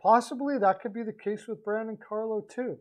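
A man's voice: high voice, brisk, low-quality recording. A man giving casual solo hockey trade commentary, rambling and correcting himself as he goes. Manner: rambling, self-correcting, animated asides. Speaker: hockey podcaster.

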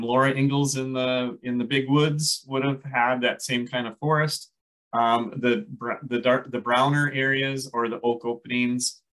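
A man with a Minnesota accent teaching a casual class on native plants, chatty and halting, with many fillers and restarts. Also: medium pitch, a bit bright, low-quality recording. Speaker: landscape ecologist teaching a class.

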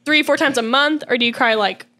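A young woman co-hosts a casual podcast, telling personal stories in a quick, rambling way full of fillers. Her voice sits high and bright. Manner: rapid, filler-heavy storytelling. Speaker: podcast co-host. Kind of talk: casual chat.

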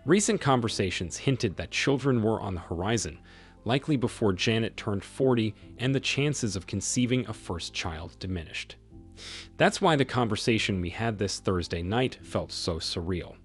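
Guy with a lowish voice reading a story in first person, steady and thoughtful. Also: normal speed, breathy edge, faint music behind. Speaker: narrator.

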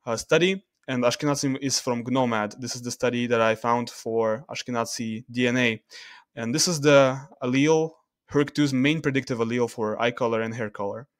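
A man in a casual screen-share video talks through data in a middle-pitched voice, halting and restarting as he reads the numbers off the screen. The sound is close and dry, with no room around it. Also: no room sound. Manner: loose and halting, many fillers and restarts, reading off data. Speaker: video creator.

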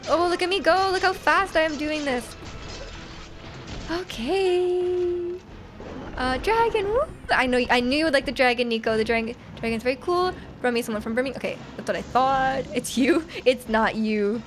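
A young woman live-streaming a video game, giggling, reacting excitedly and teasing her chat as she plays. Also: high-pitched, moderate pace. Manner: reads chat aloud and teases viewers. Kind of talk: casual live game stream, chatting with viewers. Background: faint game music.

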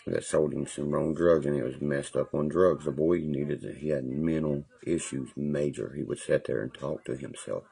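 A man's voice: rumbling low, normal speed, gravelly, hardly any pauses, breathy edge. A man livestreaming from his phone, telling rambling, profane stories about jail in a casual way. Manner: profane, animated storytelling with laughs. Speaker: livestream vlogger. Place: parked car.

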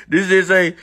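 A young man, talking in casual comedic commentary, animated, slangy and quick to laugh and swear. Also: high-pitched, creaky. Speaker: content creator.

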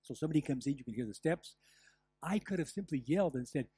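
An older man preaching a sermon as pastor, telling stories with lively asides and the odd laugh. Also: fairly high pitch, fast, husky, no room sound. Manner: animated storytelling with asides and laughs. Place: church.

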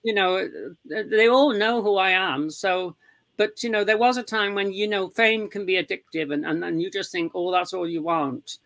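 A woman guest in an interview, talking in a rambling, halting way with many fillers. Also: medium pitch, gravelly, fairly bright tone, no room sound. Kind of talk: casual chat.

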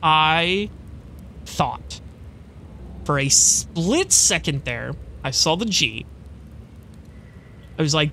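A man's voice: a little high, very animated, slow, creaky, pauses often, sharp tone, slight background noise. A man playing a role-playing game, reading its text aloud and reacting casually with laughs and swearing. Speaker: game streamer.

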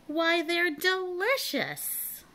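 A gentle, hungry young dragon from a storybook, fretful and given to sudden high exclamations, as a woman reads him aloud. His voice climbs sharply when something surprises or delights him. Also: sing-song, a little slow. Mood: exclaiming. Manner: exclaiming, swooping up in pitch.

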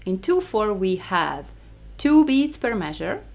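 Slow, lively-pitched woman teaching rhythm. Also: gravelly. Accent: Hungarian. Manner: counts beats aloud, stressing one. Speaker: music teacher. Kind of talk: instructional rhythm lesson.

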